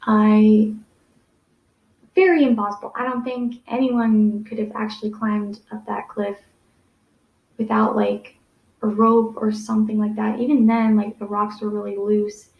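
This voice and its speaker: A woman's voice: medium pitch, flat delivery, unhurried, creaky, narrow, tinny audio. Rambling young woman in echoey room. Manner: rambling, many fillers and restarts. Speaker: vlogger. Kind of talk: personal storytelling.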